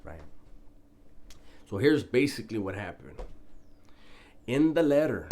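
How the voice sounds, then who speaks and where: A man's voice: sits low, darkish tone. A man telling a prison story in a laid-back, profane, casual way, often breaking into laughter.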